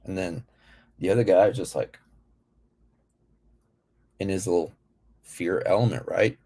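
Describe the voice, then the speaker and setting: A man hosting a reaction video, talking in a slow, playful, slangy way. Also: sits low, mellow. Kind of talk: casual reaction commentary.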